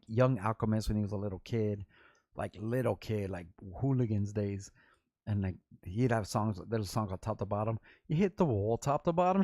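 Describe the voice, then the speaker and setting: A man's voice: on the low side, creaky, dark tone, no room sound. A middle-aged man from Los Angeles hosting a vlog, telling rambling, slangy stories with restarts and quoted voices. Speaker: vlog host, rapper. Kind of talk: casual storytelling vlog.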